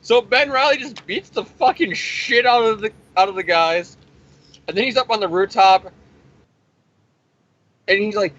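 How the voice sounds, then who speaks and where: A man's voice: high voice, lively intonation, moderate pace, long pauses, fairly bright tone. A man recapping a comic issue in a rambling, profane, sarcastic way, as the host of a review show. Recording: dull lo-fi recording.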